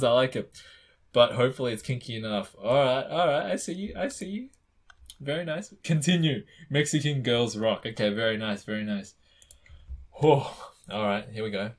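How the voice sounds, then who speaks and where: A man reading fanfiction aloud and often breaking off to react and joke about the text. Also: lowish voice.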